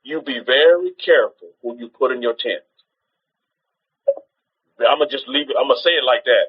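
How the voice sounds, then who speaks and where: A man's voice: mid-range voice, moderate pace, slightly rough, muffled recording. A man preaching in an informal teaching style on a livestream, exhorting his listeners, repeating rhetorical questions and often restarting his sentences.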